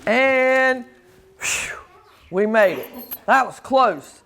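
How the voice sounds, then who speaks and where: A woman reading a picture book aloud to children at a library story time, expressive and playful. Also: on the high side, extremely slow, gravelly. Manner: expressive and playful, leading call-and-response.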